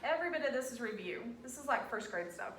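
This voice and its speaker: Woman, teacher; patient, coaxing classroom delivery; higher pitch; distant, roomy room sound with faint background noise. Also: expressive, quick pace, a bit bright. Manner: patient, coaxing, talks students through steps. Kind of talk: classroom instruction.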